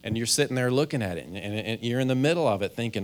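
A man's voice: mid-range voice, lively intonation, racing, few pauses. A man, a pastor, giving a conversational sermon, often acting out people's inner thoughts and restarting his sentences. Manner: conversational preaching, acts out inner voices, stammers on restarts.

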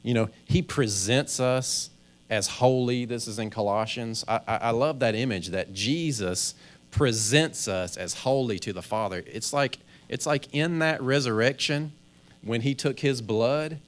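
A male pastor delivers a sermon in an easygoing, conversational way. He keeps voicing the inner thoughts of ordinary people and stumbles over his own restarts. His pitch sits in the middle of the male range. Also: a little slow. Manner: conversational preaching, acts out inner voices, stammers on restarts.

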